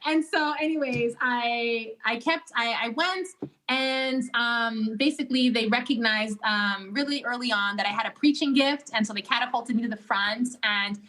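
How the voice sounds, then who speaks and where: A woman guest on a podcast, telling her life story in a casual, animated way with lots of "like" and "you know.". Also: moderate pace. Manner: animated storytelling, lively rises in pitch when excited; conversational, many fillers like "like" and "you know". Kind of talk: casual testimony in a podcast interview.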